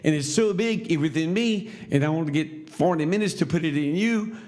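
A man's voice: on the high side, moderate pace, a little mellow. A man teaching a Sunday school class, telling a story in a loose, conversational preaching style with asides to the class.

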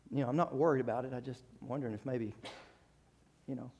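Preaching in a mid-range voice at a moderate pace, this man keeps his intonation fairly even while retelling a story full of acted quotes and frequent restarts. His delivery shifts between loud, climbing exhortation and hushed conversational asides, with a little hiss or hum in the recording.

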